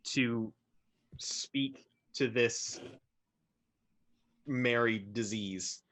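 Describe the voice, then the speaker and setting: A man playing a tabletop game, describing his character's actions in a relaxed, searching way. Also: mid-range voice, drawn-out words. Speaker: player.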